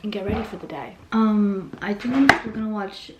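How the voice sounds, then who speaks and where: A young woman vlogging casually at home, chatty and full of fillers, her voice still rough from the morning. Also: medium pitch, normal speed, muffled recording. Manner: chatty, filler-heavy with frequent "like" and "literally". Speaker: lifestyle vlogger. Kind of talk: casual vlog chat to camera. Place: at home, bedroom. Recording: noisy home recording.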